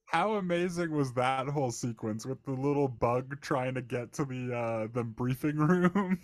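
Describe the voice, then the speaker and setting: A man's voice: medium pitch, unhurried, dry recording, studio quality. A young man co-hosting a casual movie podcast, laughing often and tossing out playful questions. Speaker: podcast co-host.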